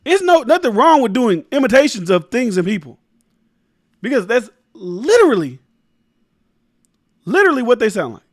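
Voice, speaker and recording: A man's voice: extremely high pitch, big pitch swings, fast talker, few pauses, no echo, clean studio sound. A man hosting his own commentary show, talking emphatically and rambling, swearing freely and often restarting his sentences. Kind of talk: casual opinion commentary.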